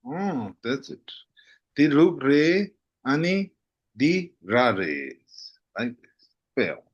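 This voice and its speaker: A man teaching a casual language lesson. He says each phrase slowly and patiently, with a lively, rising and falling pitch. His voice is a bit husky, and he laughs easily. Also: highs cut off.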